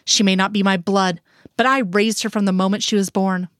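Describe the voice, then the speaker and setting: A woman's voice: medium pitch, steady tone, a little fast, dry recording, lightly acted. A hurt husband speaks in cold, accusing lines, his anger held tight, voiced by a woman reading the story. The voice sits in a middle register. It is recorded dry and close. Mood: bitter. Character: stern hurt husband, a man. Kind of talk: audiobook reading.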